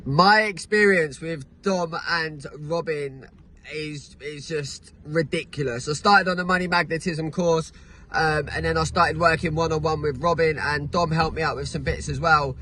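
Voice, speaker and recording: A man speaks casually about his results, pausing on fillers now and then. His voice sits a little high and sounds bright and forceful. Faint noise runs underneath. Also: steady tone. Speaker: coaching client. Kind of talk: casual testimonial.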